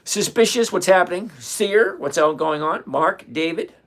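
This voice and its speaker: A man, hosting a casual trading livestream and chatting with viewers by name, relaxed and quick to laugh. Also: high-pitched. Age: 60s. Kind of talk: casual livestream chat reading viewer comments.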